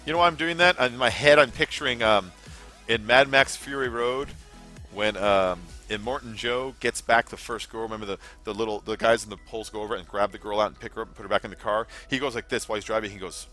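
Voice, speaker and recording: A man's voice: lowish voice, quick pace, sharp tone, faint music behind. A young man hosting a casual gaming livestream, rambling, swearing freely and answering chat as he plays.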